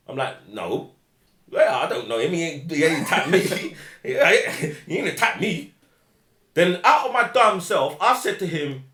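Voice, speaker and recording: A man telling a casual anecdote, full of slang, acting out the people he quotes in loud shouted bursts. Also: on the high side, unhurried. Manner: animated, acts out shouted quotes, slang-heavy. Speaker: guest storyteller. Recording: echoey room.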